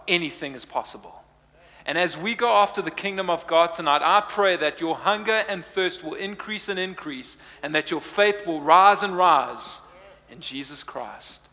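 A man's voice: a little high, pushed and bright, big-room sound. A young man preaching a humorous sermon, playful and chatty, laughing often. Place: church hall.

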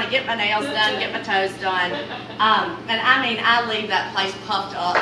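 A middle-aged woman with a Southern American accent, telling a comic story to a live audience in an animated, rambling way and acting out the dialogue. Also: medium pitch, normal speed, a crowd in the background. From Mississippi Delta, US. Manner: animated, rambling, acts out dialogue with big swings. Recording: far-off, very echoey room with noise.

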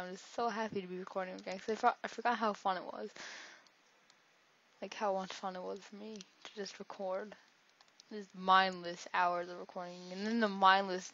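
A woman's voice: mid-range voice, fairly even intonation, normal speed, sharp tone. Rambling woman commenting on gameplay. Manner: rambling, jokey, talks to herself. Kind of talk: casual let's-play commentary. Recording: dull lo-fi recording.

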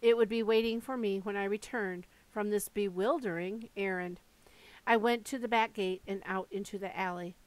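A woman reading a first-person memoir aloud in a steady, measured way. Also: medium pitch, low-quality recording. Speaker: audiobook reader.

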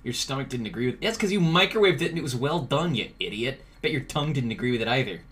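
A man's voice: medium pitch, animated, fast, a bit bright, slight background noise. A man streaming a video game, joking and reacting with sudden jumpy outbursts while talking to chat. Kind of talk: let's play commentary.

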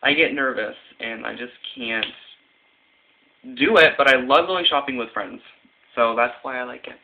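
A man's voice: medium pitch, moderate pace, creaky, slight background noise. A young man vlogging casually into a phone, giggly and rambling with lots of fillers. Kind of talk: casual tag video chat. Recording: tinny phone-quality audio.

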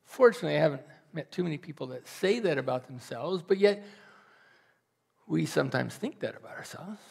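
Man, pastor, sermon, gravelly, slightly high voice, earnest, loud-soft swings. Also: lively intonation, fairly quick. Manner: earnest, pleading, with sudden loud rises and soft drops.

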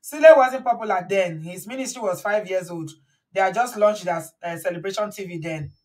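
A woman's voice: mid-range voice, a little fast, darkish tone. A woman hosting a casual live-stream, talking emphatically and lecturing her viewers. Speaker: live-stream commentary host.

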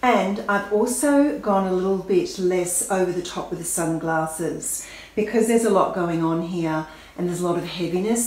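A woman's voice: fairly low pitch, moderate pace, darkish tone. A woman chatting enthusiastically about styling outfits, explaining each choice as she goes. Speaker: fashion vlogger. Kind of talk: casual fashion styling talk to camera. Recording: very echoey room with faint noise.

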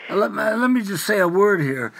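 A man's voice: high voice, expressive, moderate pace, gravelly, background noise. A man on a call who keeps cutting in insistently to make his point, citing a book. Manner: insistent interjecting, reading from a book.

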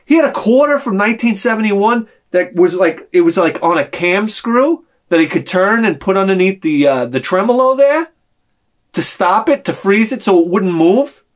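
Brief: male vlog host, slightly high voice, swears a lot, rambles with feeling. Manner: profane, rambling, emotional. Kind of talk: casual ranting monologue.

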